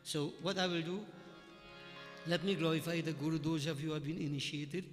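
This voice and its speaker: A man's voice: on the high side, fairly even intonation, brisk, long reverb tail, faint music behind. A man preaching a sermon, telling folksy stories with jokes. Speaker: religious leader.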